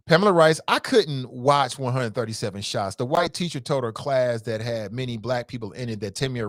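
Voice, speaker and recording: A man hosting a casual call-in talk show, reading out listener comments and reacting with emphatic, animated commentary and frequent repetition. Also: medium pitch, normal speed, dry recording, clean studio sound. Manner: animated, emphatic, rises sharply when incredulous; conversational, repeats himself for emphasis.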